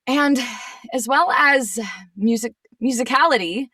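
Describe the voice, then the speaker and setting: A woman voice actress in a casual chat, telling stories in an animated, exasperated way. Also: high-pitched, unhurried, dry recording, far from the mic. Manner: animated storyteller, gets sassy and exasperated. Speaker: voice actress guest.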